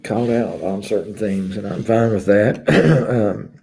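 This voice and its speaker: A man hosts a live stream and chats with viewers in a slow, halting way, full of pauses and fillers. His voice is deep, dark and gravelly. He speaks frankly and personally. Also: animated. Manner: hesitant, many pauses and filler words; candid and confessional. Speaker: YouTube channel host. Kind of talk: live stream chat, reading viewer comments.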